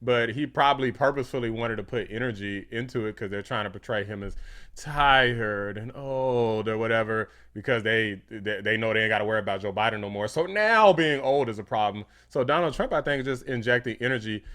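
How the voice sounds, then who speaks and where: A man's voice: medium pitch, moderate pace, fairly bright tone. A man commenting on clips for his channel in a casual, slangy, dismissive way. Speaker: YouTube commentator. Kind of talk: reaction video commentary.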